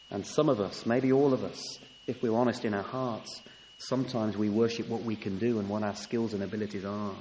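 A man's voice: on the low side, fairly even intonation, brisk, a little mellow, a little hiss or hum. A man preaching a sermon, emphatic, often rising to a raised voice on key points. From England. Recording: long hall reverb, faint ambience.

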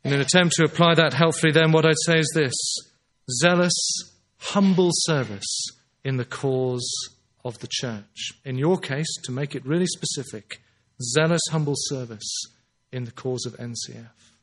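A man preaching a sermon in an earnest, emphatic way, slowing down on his key phrases. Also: mid-range voice, a bit bright.

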